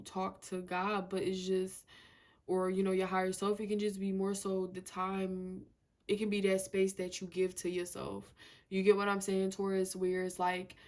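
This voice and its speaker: A woman's voice: mid-range voice, a little mellow. A woman giving a casual tarot reading to camera, emphatic and slangy, repeating herself and filling with "you know" and "like". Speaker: tarot reader.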